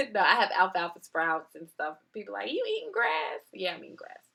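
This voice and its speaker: A woman's voice: lowish voice, brisk, gravelly. A woman wellness coach telling personal stories in a casual motivational talk, acting out quotes with laughter. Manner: animated storytelling with acted-out quotes and laughs.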